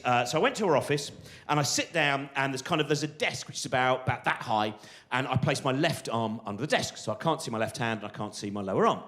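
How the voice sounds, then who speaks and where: A stand-up comedian performs live on a theatre stage, his voice sitting in the mid range. His stories ramble along excitedly and keep cutting themselves off.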